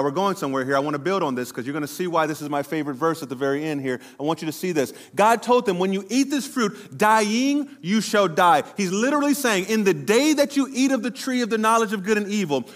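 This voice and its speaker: A middle-aged pastor preaching a sermon to his congregation, slowing down and drawing out words for emphasis. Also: high voice. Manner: preaching to a congregation, addressing the room directly; slows down and draws out words for emphasis.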